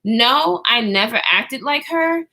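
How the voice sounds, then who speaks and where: A woman's voice: sits high, expressive, takes it slowly, vocal fry, pushed and bright. A woman in her twenties telling a story to her viewers in a casual, slangy way, swearing freely and often trailing off to restart.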